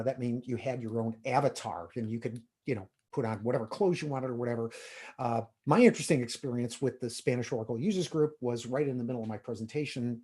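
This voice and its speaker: A man's voice: mid-range voice, a little mellow, slightly rough. A middle-aged man giving a technical user-group presentation, casual and full of "uh" and "if you will". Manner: conversational, frequent "uh" and "if you will". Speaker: conference presenter.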